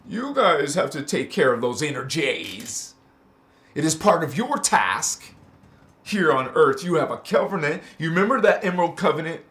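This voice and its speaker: On a spiritual livestream sermon, a spiritual channel host with a fairly high, slightly bright voice preaches in an impassioned yet casual way. He calls his listeners honey and breaks into chanted syllables.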